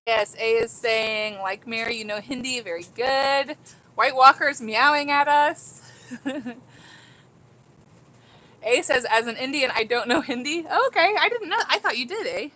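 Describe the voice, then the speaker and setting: A woman's voice: on the high side, unhurried, bright, forceful tone, poor audio. A woman chatting casually on a home livestream, reading viewer comments aloud, giddy and laughing often. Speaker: vlogger reading live chat.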